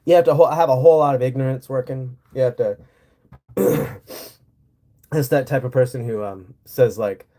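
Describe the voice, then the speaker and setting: A streamer from Montana, USA, answers his chat in a casual, ranting livestream, blunt, profane, and sarcastic throughout. His male voice sits at medium pitch, moving at normal speed with long pauses and a dark tone.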